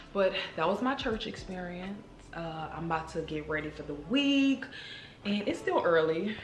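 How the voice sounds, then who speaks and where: A woman vlogger telling a story to her viewers in a casual, animated, emotional way, calling them girl and y'all. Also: on the low side. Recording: roomy echo with faint music.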